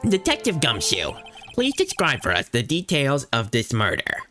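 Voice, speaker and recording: A man's voice: medium pitch, huge pitch swings, normal speed, over music. A man voicing a smug, condescending veteran male prosecutor in a game playthrough.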